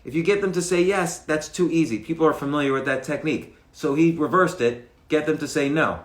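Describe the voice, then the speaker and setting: Middle-aged male host, casual live-stream talker, slightly high voice, echoey room. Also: a little fast. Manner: conversational, restarts phrases, acts out dialogue examples. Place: home room, livestream. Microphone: mic on a stand. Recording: roomy echo.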